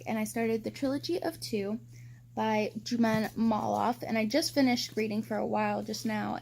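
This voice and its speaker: A woman's voice: a little high, a little mellow, a little hiss or hum. A young woman book vlogger talking casually to her viewers, ranting and swearing freely. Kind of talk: casual reading vlog.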